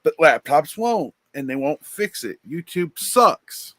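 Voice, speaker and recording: A man's voice: a little high, very animated, slow pace, a bit bright. A man on a live stream panel, talking in an easygoing, rambling way. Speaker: panel guest. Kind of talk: casual livestream chat.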